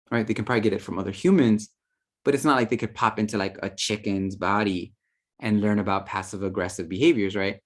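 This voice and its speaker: A man giving a casual, playful talk on spirit guides, full of slang, fillers and quoted asides. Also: medium pitch. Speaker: spiritual teacher.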